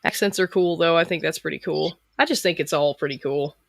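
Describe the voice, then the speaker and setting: Bright-voiced Floridian with slight drawl. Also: mid-range voice, fairly quick, creaky, no room sound, studio quality. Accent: slight Southern US drawl from Florida. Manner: easygoing and unsure, hedges a lot. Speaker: guest, video maker. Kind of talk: casual conversation.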